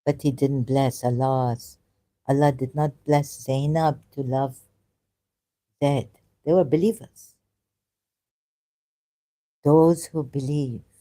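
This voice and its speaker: Woman, low voice, mellow tone, halting and emotional. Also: steady tone. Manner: emotional, searching aloud, halting with fillers. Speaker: ex-Muslim commentator. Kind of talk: casual commentary reading scripture.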